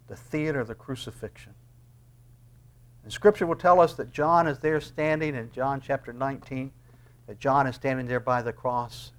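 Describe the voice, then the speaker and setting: An older man preaching a sermon, swinging from hushed asides to loud, impassioned lines and acting out quoted voices. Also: medium pitch.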